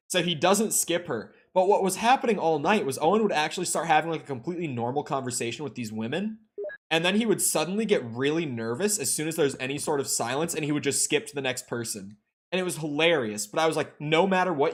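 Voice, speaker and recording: A young man streaming a game, telling a long funny story in a lively, laughing way and swearing casually. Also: on the high side, normal speed, faint music behind.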